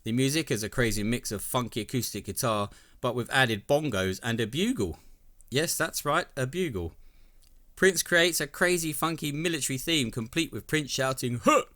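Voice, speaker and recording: A man's voice: medium pitch, normal speed, pushed and bright. A man giving scripted narration as a video essay host, with enthusiastic, wry commentary.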